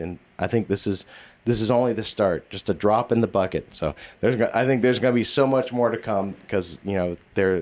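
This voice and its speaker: A man with a somewhat low voice speaks at a community event as board president. He keeps restarting his sentences, and "you know" fills many of his pauses. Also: darkish tone. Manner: halting, many fillers and restarts. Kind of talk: speech at a public event.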